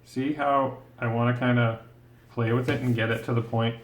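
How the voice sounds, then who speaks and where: A man speaks at normal speed in a medium pitch with fairly even intonation, and there's slight background noise plus a roomy echo. Teaching a drawing lesson step by step, he patiently and encouragingly thinks aloud through each stroke he draws.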